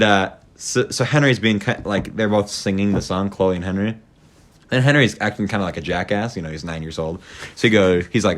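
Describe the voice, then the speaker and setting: Young male podcast host, low-ish voice, casual and profane storyteller. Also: fairly bright tone. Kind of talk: casual chat.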